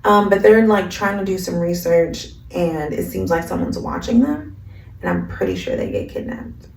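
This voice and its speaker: A woman's voice: on the low side, sing-song, normal speed, distant mic, a little hiss or hum. A woman vlogger in a slangy, chatty casual recap of an anime, recorded in an echoey room. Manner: slangy, chatty, lots of fillers.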